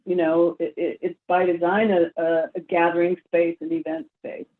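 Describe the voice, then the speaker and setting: A woman chairing a city planning commission meeting, speaking haltingly with restarts. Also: on the low side, flat delivery. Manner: halting, many restarts and fillers. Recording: tinny phone-like line.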